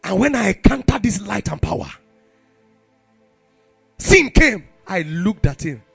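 A Nigerian man preaching with fervor, his voice very high and gravelly. He swings his pitch widely and bursts into shouts, with a bright, forceful edge. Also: sing-song, unhurried, no echo, soft background music. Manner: impassioned, bursts into shouted exclamations. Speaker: youth preacher. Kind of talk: sermon.

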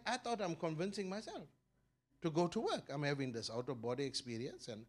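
Pastor preaching with swells. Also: male voice, big pitch swings, brisk. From South Africa. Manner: emphatic preaching that swells loud and high on key points, then drops low; repeats words while building a thought. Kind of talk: sermon.

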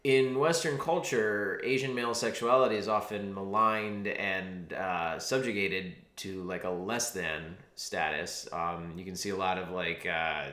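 A man's voice: deep voice, a little slow, hardly any pauses, sharp tone, reverberant. A man co-hosting a casual chat who laughs often and gives thoughtful, hesitant commentary. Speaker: podcast co-host. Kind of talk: casual chat reacting to song lyrics.

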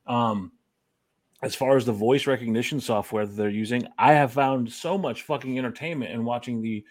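A man's voice: medium pitch, normal speed, a little mellow. A man co-hosting a podcast, talking in casual banter with incredulous rants and lots of swearing. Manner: ranting, heavy swearing, incredulous outbursts. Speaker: podcast co-host.

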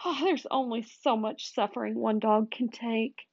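A woman's voice: on the high side, steady tone, measured pace, vocal fry, a little mellow. Woman doing a whiny, melodramatic young dog. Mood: whining pleading. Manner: pleading, whimpering, melodramatic. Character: excitable young male dog, dramatic and whiny. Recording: dull, dry recording.

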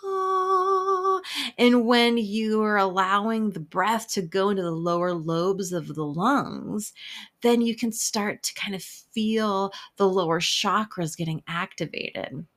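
A woman's voice: mid-range voice, lively intonation, slow pace, a bit bright. A woman who works as an emotional health specialist, talking casually about breathwork with lots of swearing, jokes and laughter. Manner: profane, playful, laughs often. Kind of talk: casual spoken talk.

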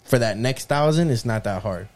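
A man's voice: mid-range voice, expressive, normal speed, a little mellow, faint music behind. Laid-back slangy male podcast co-host. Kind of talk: casual chat.

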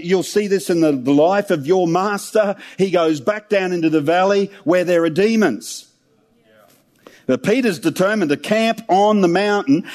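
Male preacher, high voice, chatty, humorous sermon. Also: darkish tone. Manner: conversational, humorous storytelling of scripture.

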